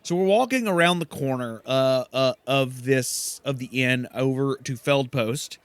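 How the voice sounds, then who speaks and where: A young man hosting a let's play, casually thinking aloud and reacting excitably. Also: mid-range voice, a little slow, clean tone, dry recording. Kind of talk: gameplay commentary.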